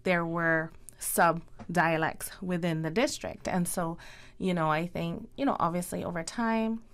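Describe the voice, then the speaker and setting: A Caymanian woman, a speech therapist, explaining her field on a radio talk show in a clear, instructive way. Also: lowish voice, steady tone, a little slow. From Cayman Islands. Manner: clear, instructive, warmly encouraging.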